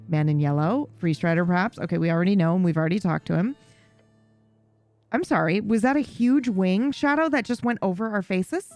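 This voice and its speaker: A woman streamer giving lively, reactive commentary while playing a game, swearing when caught off guard. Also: mid-range voice, fairly quick, faint music behind. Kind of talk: live game playthrough commentary.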